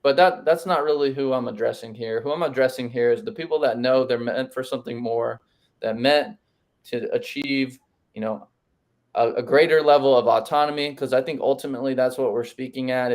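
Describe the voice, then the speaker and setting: A man co-hosting a podcast, speaking in a measured, reflective way with lots of "you know" fillers. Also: mid-range voice. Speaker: podcast co-host. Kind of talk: casual reflective podcast talk.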